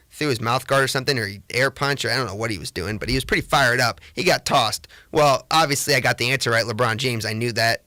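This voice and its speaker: A young man hosting a sports podcast, talking casually and excitably with lots of rambling restarts. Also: mid-range voice, no room sound. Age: young adult. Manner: chatty, rambling, self-correcting. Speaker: podcast host. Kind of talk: casual solo podcast monologue.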